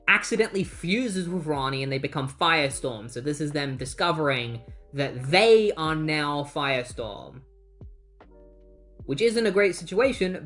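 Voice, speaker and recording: Brief: casual comic recap host, mid pitch, wry and breezy, quick asides. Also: fairly bright tone. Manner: breezy, wry, swears casually, acts out quotes. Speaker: comic book retrospective host.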